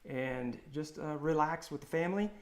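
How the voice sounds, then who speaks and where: An upbeat man in his thirties co-hosts a casual live stream and talks loudly. He greets viewers by name in an energetic, infomercial-like way. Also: a little high, normal speed. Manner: upbeat, loud, shouting out viewer names. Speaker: co-host of a woodworking live stream.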